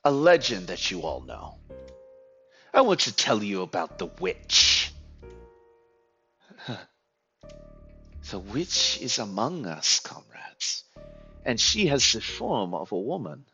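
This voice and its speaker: Man doing a bossy French office manager, barking, insulting, lively pitch, slightly dull recording. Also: slow, pauses often, husky, faint music behind, full character voice. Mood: lecturing. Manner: barking, insulting, drill-sergeant chants.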